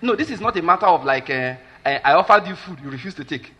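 Nigerian pastor, male, forceful husky voice, preaches emphatically with constant check-ins. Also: high voice, lively intonation, quick pace, highs cut off. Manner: emphatic, keeps asking the listeners if they follow. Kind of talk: sermon.

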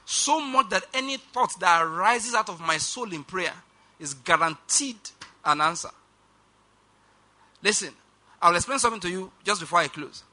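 A man preaching a sermon, reading scripture aloud and slowing down to stress key lines while urging the congregation to respond. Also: sits high, lively intonation, bright, forceful tone. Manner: reads scripture aloud, slows for emphasis, urges the congregation.

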